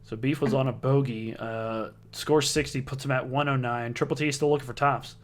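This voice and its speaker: A man's voice: mid-range voice, fairly even intonation, brisk, a little hiss or hum. A man giving casual play-by-play commentary on a darts league, chatty, reading out scores and viewer comments.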